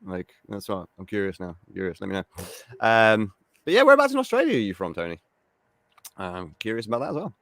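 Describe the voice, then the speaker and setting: A man's voice: lowish voice, wildly swooping pitch, fairly quick, a bit bright, no echo, clean studio sound. A man from the West Midlands with a West Midlands English accent, hosting a casual live-stream chat and saying mate a lot. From England, West Midlands. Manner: chatty, says mate a lot. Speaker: show host.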